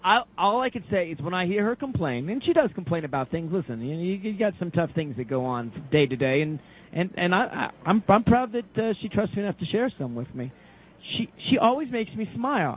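A man co-hosting casual radio talk, effusive and quick to laugh. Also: high-pitched, animated, breathy edge. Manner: effusive, warm praise, laughs easily. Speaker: co-host. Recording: tinny phone line.

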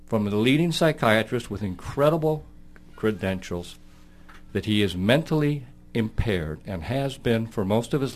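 A man co-hosting a political talk radio show, making his case emphatically and pressing questions on the others. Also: medium pitch.

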